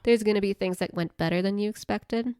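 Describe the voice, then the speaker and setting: A woman co-hosting a casual chat podcast, a counselor who jokes a lot and breaks into high laughter often. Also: brisk, darkish tone, smooth, no room sound, studio quality.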